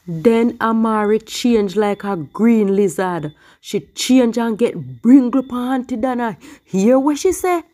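A woman with a Jamaican accent narrating commentary as host, in an unhurried storytelling manner. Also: on the high side, mellow.

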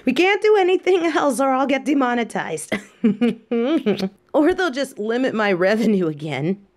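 A woman's voice: on the high side, sing-song, a little slow, a little mellow. A woman voicing a mafia boss girlfriend in a romantic audio drama, affectionate and teasing, laughing often. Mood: playful. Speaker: voice actor in a listener audio drama. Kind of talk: romantic audio role-play.

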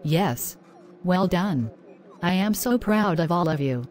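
A woman as an excited, proud teacher. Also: fairly low pitch, takes it slowly, slight background noise. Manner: excited, encouraging. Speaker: English teacher character. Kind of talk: scripted lesson dialogue.

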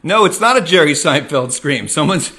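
A middle-aged man hosting a comic monologue, ranting and self-mocking with sudden loud yells. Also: fairly high pitch, expressive, moderate pace. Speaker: comedian host.

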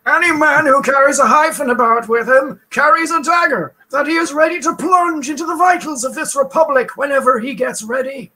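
A man's voice: very high voice, fairly quick, few pauses, bright, forceful tone, voice pushed up, low-quality recording. A man putting on a hammy mock accent to play a fiery early-1900s president ranting from a podium.

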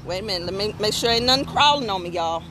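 A woman's voice: mid-range voice, fast, noisy background. A middle-aged woman hosting a live women's talk stream, reading viewer comments and telling frank, folksy stories with asides to her audience. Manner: candid, folksy, animated storytelling with asides to viewers.

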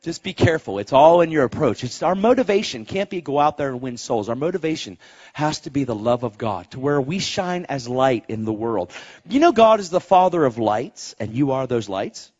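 Animated preaching man, lively pitch. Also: moderate pace, lo-fi sound. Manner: animated, acts out quoted voices; exhorting, rising to shouts. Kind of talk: sermon storytelling.

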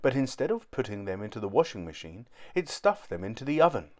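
A man reading a children's book aloud in a clear, steady storytelling manner. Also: medium pitch, fast talker.

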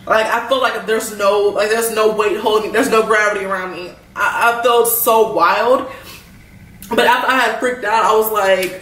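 Young woman, AAVE, animated rambling vlog storytime, roomy sound, mic a bit far. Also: medium pitch, measured pace, slight background noise. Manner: animated, rambling, lots of "like" and slang. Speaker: vlogger. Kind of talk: storytime while eating.

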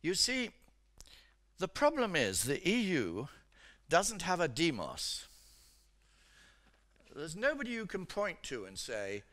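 A man's voice: on the high side, wildly swooping pitch, takes it slowly, long pauses, a bit bright. An older man from Britain, an economics professor giving a chatty seminar lecture, full of "you know" fillers.

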